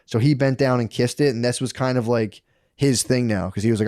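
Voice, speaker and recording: A man's voice: medium pitch, fairly even intonation, a little fast, a little mellow, dry recording, studio quality. Profane man rambling through a story. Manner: rambling, profane, bro slang. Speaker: podcast co-host. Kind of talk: casual history storytelling.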